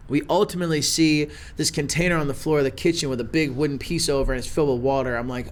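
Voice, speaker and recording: A young man casually telling a wild story as a podcast host, animated and full of swearing and "like". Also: a little high, fast talker, few pauses.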